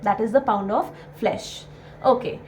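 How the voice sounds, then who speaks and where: A young woman teaches a play, her voice sitting high and bright. She talks earnestly, going over each point twice and filling gaps with "uh". A faint hum of background noise sits under her. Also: measured pace, low-quality recording. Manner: earnest, repeats key points with many fillers. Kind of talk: explaining a play to students.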